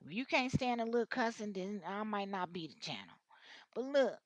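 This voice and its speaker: With a mid-range voice and lively intonation, this woman reads tarot casually at a moderate pace, swearing freely in blunt, slangy talk. She rambles and often starts over. No echo is audible.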